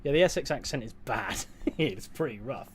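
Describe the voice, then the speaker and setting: A man's voice: medium pitch, lively intonation, normal speed, slight background noise. A man streaming, casually reading out chat comments and answering them in a dry, offhand way. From England.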